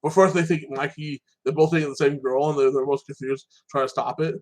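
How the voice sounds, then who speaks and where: Rambling casual man with a higher voice. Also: steady tone, a little fast. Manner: rambling, heavy use of filler phrases. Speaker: TV and anime reviewer. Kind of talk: casual episode recap.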